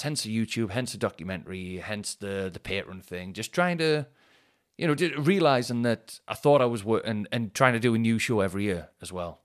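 A man hosting a podcast, rambling and swearing, often laughing at his own stories. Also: lowish voice. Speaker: podcast host and comedian. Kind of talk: casual solo podcast chat.

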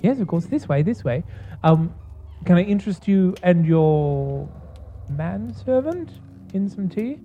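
A man's voice: high-pitched, big pitch swings, unhurried, lo-fi sound, faint music behind, pitched above the performer's own voice, exaggerated voice. A man voicing an older female gnome running a tea house, eager and sing-song. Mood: eager, welcoming.

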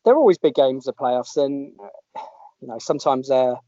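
Man, podcast host, mellow dark voice, dry dull sound, chatty and jokey. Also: medium pitch, expressive, moderate pace, no room sound. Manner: chatty, jokey, rambling with restarts. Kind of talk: casual podcast chat. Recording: dull lo-fi audio.

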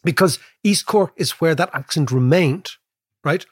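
A man with an Irish accent, co-hosting a podcast in casual chat, telling stories in an animated way and often asking "right?". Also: a little high, husky, dry recording, clean studio sound. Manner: animated, quick storyteller, keeps asking "right?". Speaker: podcast co-host, economist.

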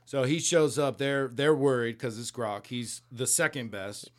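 A man's voice: medium pitch, measured pace. A man in a mid-range voice chats his way through a comic recap on a podcast. He rambles and swears freely, and often breaks into laughter as he retells scenes. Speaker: podcast co-host. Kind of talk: casual chat recapping a comic book.

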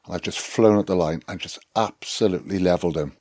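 A man with a Welsh accent, a former rugby player, telling lively anecdotes as a podcast guest with swearing and laughs. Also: sits low, fast talker, dry recording, studio quality. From Wales. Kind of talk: casual storytelling chat.

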